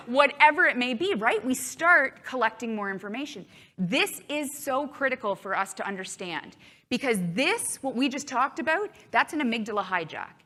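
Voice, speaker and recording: A woman's voice: fairly high pitch, bright, forceful tone. A woman keynote speaker giving a chatty live talk to an audience, acting out inner thoughts playfully.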